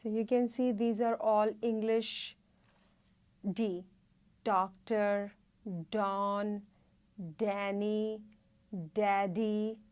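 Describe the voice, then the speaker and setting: A woman teaching a Hindi reading lesson, saying each word slowly and repeating it. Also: mid-range voice, darkish tone. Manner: slow, careful, repeats each word twice. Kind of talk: slow spoken lesson, repeating words.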